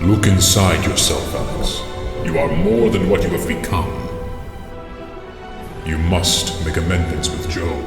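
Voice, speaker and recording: A booming echoing spirit voice. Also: male voice, steady tone. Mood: solemn pleading. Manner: slow, grave, commanding. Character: solemn divine male spirit speaking from a vision. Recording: echoey hall with loud music.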